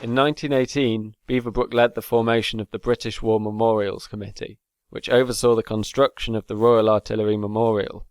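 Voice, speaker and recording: Male narrator, low-ish voice, even formal read, dry booth sound. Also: clear, resonant tone, no room sound. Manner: measured, formal delivery. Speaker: documentary narrator. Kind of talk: scripted narration.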